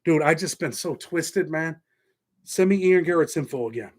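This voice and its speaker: Slightly high-voiced Southern-tinged man, rambling. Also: moderate pace. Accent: Southern-tinged American. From New York. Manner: loose and rambling, thanks viewers by name. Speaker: host. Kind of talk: casual livestream chat answering viewers.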